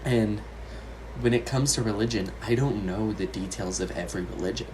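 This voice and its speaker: A man's voice: lowish voice, fairly quick. A man co-hosting a casual podcast, rambling and giggly, swearing often as he muses aloud. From United States. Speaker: podcast co-host. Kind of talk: casual chat. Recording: noisy podcast recording.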